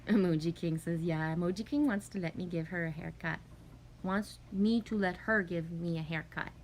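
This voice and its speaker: A woman in her forties chatting casually on a livestream, reading out viewer comments and rambling through animated stories with swearing and acted-out quotes. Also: on the low side, moderate pace, slight background noise.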